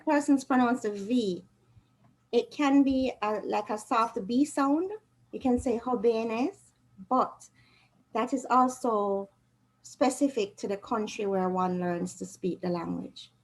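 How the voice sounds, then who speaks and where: A woman's voice: fairly high pitch, a little slow, rough recording. Patient woman teaching Spanish. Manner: patient, quizzes students with questions. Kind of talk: online revision class.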